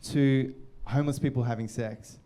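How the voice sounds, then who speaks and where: A man on a live comedy panel, telling a sheepish anecdote and loudly acting out the people in it. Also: medium pitch, fairly even intonation, moderate pace. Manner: sheepish anecdotes, loud mock quotes. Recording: live show with crowd.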